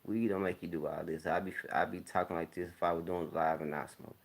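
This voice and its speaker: A vlogger with a deep, gravelly voice rambles fast to camera at home, smoking as he talks. His intonation is fairly even, and the casual monologue is laid-back and candid, broken up by frequent throat clearing.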